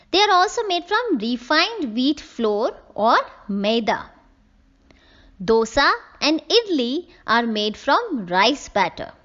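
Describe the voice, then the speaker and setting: A woman teacher, slowly explaining a textbook lesson to young children and spelling out words letter by letter. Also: sits high, a bit bright, dull audio. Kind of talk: classroom lesson reading from a textbook.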